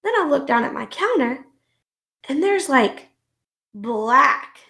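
A woman co-hosting a casual podcast, telling an angry story with plenty of swearing. Her voice sits high and sounds bright and sharp. She tells it in an animated way, one mother venting to another. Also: slow pace, vocal fry. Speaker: podcast co-host. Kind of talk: casual ranting chat.

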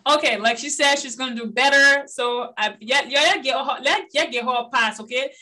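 A woman from Liberia co-hosting a podcast in casual, chatty conversation, lively and quick to tease her friend. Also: sits high. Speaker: podcast co-host. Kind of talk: casual chat.

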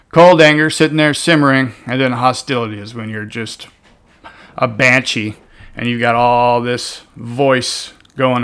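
A man with a gravelly, rough-edged voice of ordinary pitch gives casual relationship advice. He talks bluntly and swears easily, pushing certain words out loudly and then sinking into quieter asides. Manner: blunt, animated, swears casually, swings between loud emphasis and soft asides.

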